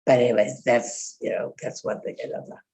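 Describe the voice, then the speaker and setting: A woman's voice: a bass voice, steady tone, fairly quick, gravelly, dark tone, a little hiss or hum. An older woman chatting casually with fellow congregants, telling a rambling story full of fillers and quoted speech. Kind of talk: casual chat.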